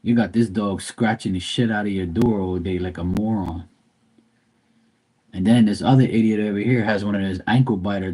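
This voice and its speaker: Man, live-stream host, blunt, profane, rambling chat, dark mellow tone. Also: fairly low pitch, husky. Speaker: livestream host.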